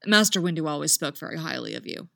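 A woman's voice: low-pitched, quick pace, gravelly, bright, forceful tone, dry recording, studio quality, heavily acted. A woman reading the lines of an earnest young male Jedi, polite and admiring. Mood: respectful.

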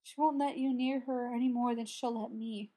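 Woman voicing a weary young dryad man, glum and slow, husky tone. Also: on the high side, fairly even intonation, warm tone, lightly acted. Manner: dull, mournful. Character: languid sighing young male dryad.

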